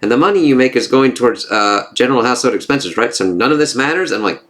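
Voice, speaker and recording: A man's voice: mid-range voice, lively intonation, fast, a bit bright. A man giving a casual spoken comic book review, loose and profane. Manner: casual, swears, laughs at the jokes.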